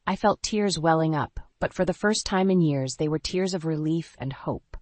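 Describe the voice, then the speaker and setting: A woman's voice: low voice, normal speed, hardly any pauses, a little mellow, dry recording. A woman narrating a dramatic first-person story in an earnest, scripted way.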